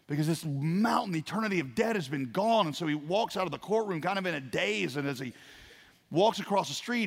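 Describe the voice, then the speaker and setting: A man preaching a sermon as a pastor, telling a parable with acted-out voices and swings from quiet to loud. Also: on the high side, gravelly. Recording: long hall reverb.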